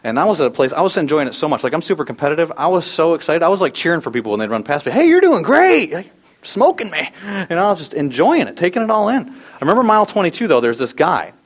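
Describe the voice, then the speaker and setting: A middle-aged male pastor preaching a sermon, telling a personal story with animated shifts and acted-out quotes. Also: fairly high pitch, breathy edge.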